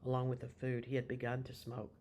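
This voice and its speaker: A man reading a novel aloud, chapter by chapter, in slow, measured storytelling. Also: mid-range voice, monotone, darkish tone, slight background noise. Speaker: reader of a novel. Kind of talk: audiobook reading.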